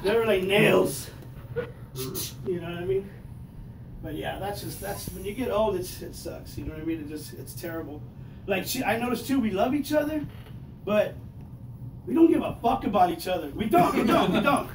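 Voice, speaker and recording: Profane stand-up guy in his fifties, high voice, echoey far-off mic, noisy room. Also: normal speed, long pauses. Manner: profane, loud, animated storytelling. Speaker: stand-up comedian. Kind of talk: stand-up comedy set.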